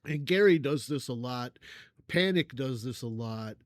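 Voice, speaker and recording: A man's voice: mid-range voice, expressive, no room sound, clean studio sound. Rambling older man with a frequent cough. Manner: rambling, halting, many fillers and restarts; effusive, warm toward viewers. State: frequent coughing and throat clearing. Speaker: music reaction channel host. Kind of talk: casual thank-you chat to viewers.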